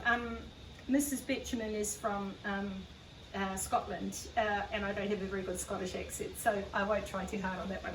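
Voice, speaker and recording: A woman's voice: medium pitch, fairly even intonation, normal speed, slight background noise. A woman author with a New Zealand accent who introduces her novel in a hesitant, earnest way, with many fillers. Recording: echoey room, far from the mic.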